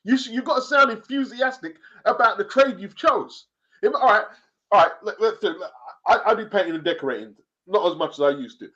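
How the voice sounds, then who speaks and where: Fired-up guy ranting on a call, high voice swings all over, muffled audio. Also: expressive, brisk, a bit bright. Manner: emphatic, ranting, acts out quotes. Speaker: boxing panelist. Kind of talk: heated casual panel chat.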